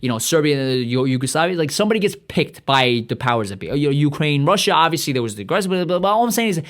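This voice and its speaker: A man hosting a podcast in a profane, rambling monologue, excitable and stuffy-nosed, often trailing off and restarting. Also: on the high side, racing. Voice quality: stuffy nose. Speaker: podcast host.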